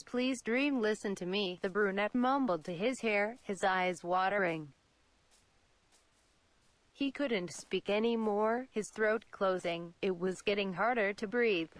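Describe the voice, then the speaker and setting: A young woman in her twenties from Saudi Arabia, reading a fan story aloud in an even, steady way. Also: mid-range voice, no echo. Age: 20s. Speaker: channel host.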